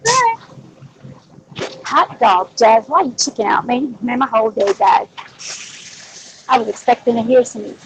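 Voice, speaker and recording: A woman's voice: on the high side, expressive, unhurried, pauses often. A woman from Louisiana with a Southern accent, chatting loosely with fillers and restarts as she hosts a group video call. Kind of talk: casual group-call chat. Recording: noisy online call audio.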